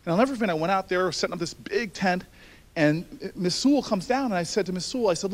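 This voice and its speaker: A man telling a personal story in a speech, animated and building to shouts, then turning hushed and earnest. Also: high-pitched, quick pace. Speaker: speaker addressing a university audience.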